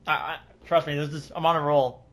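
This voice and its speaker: Bright-voiced man laughing through a story. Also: on the high side, fairly quick. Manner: laughing, animated, swearing freely. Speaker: podcast co-host. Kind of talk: casual chat, reading a story aloud.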